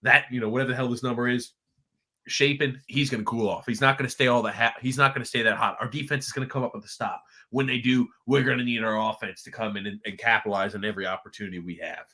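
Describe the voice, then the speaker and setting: A man co-hosting a casual college football watchalong podcast, excitable and prone to high-pitched outbursts. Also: fast. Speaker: podcast co-host. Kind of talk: casual game watchalong chat.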